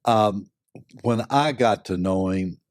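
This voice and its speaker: An older man, a company board member and lawyer, giving measured, thoughtful answers with many pauses and fillers. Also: on the low side, no echo, clean studio sound. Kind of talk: reflective interview answers.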